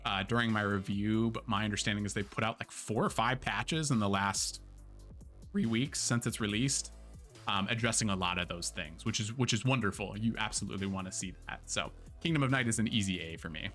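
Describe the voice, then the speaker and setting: A man's voice: fairly low pitch, fairly quick, a bit bright, soft background music. A man hosting a casual live-stream game review, chatty and candid, with lots of fillers and the odd swear word. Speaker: streamer and host.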